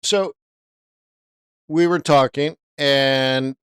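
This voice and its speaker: Middle-aged guy rambling through a story on his livestream, smooth clear voice, dry close mic, keeps saying dude. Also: medium pitch, steady tone, extremely slow, a bit bright, dry recording. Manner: laid-back and rambling, with "dude" and "right?" fillers. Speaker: forex trading livestream host.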